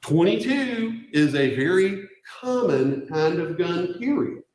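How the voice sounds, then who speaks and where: Male defense attorney in a roomy courtroom, fairly high voice that swings wide, emphatic closing argument. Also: big pitch swings, takes it slowly, darkish tone. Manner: emphatic, rhetorical questions to the jury. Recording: echoey courtroom.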